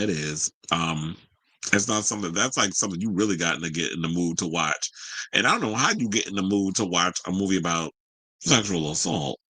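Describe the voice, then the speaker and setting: A man's voice: deep voice, pushed and bright, no echo, rough recording. A man hosting a celebrity news show, reading stories and breaking off into loose, sarcastic, joking asides in casual slang.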